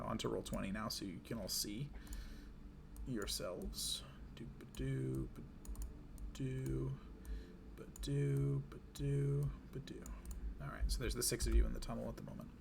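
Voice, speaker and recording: A man runs a tabletop game with a low, gravelly voice. He narrates in a relaxed, descriptive way and pauses for fillers. A faint hiss sits behind him. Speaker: game master.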